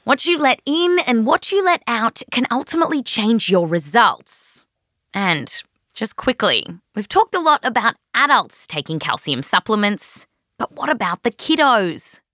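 Lively Australian woman narrating science. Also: a little high, measured pace, no echo, clean studio sound. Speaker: host. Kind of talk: scripted science narration with interview.

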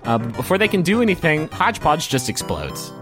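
A man narrating as game master, halting with many ums and uhs. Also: fairly high pitch, very animated, over music.

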